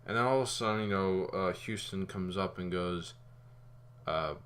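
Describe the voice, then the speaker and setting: A man giving a casual spoken movie review, rambling and animated, with fillers and some swearing. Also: low-pitched, normal speed, clean tone.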